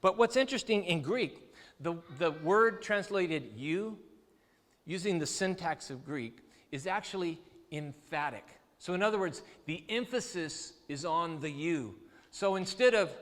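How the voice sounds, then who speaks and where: A male pastor preaching a sermon, telling the story with lively, acted-out quotes. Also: on the high side, a little slow, big-room sound. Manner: animated storytelling preacher, acts out quoted voices. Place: church sanctuary.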